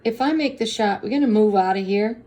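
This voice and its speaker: Woman doing an eager young boy, higher-pitched. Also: expressive, a little slow, dark tone. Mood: excited.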